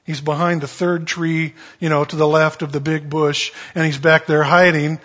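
A male pastor preaching a sermon in a folksy, conversational way with animated storytelling. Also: a little high, normal speed. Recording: dull lo-fi recording.

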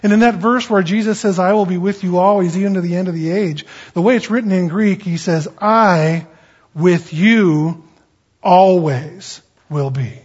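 A man's voice: high-pitched, fairly even intonation, fast talker, few pauses, darkish tone, breathy edge. A man preaching a conversational, emphatic sermon, teaching from scripture with rising bursts of emphasis. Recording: dull, lo-fi sound.

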